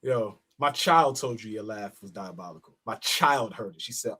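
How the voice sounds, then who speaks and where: A man's voice: lowish voice, normal speed, bright, forceful tone, breathy edge. A man co-hosting a casual sports podcast, easygoing and agreeable, laughing often. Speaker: podcast co-host.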